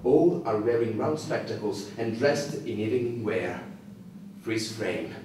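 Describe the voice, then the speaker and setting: A man's voice: fairly low pitch, animated, unhurried, noisy background. Man reading stage directions, echoey. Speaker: narrator. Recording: echoey room, voice from far off.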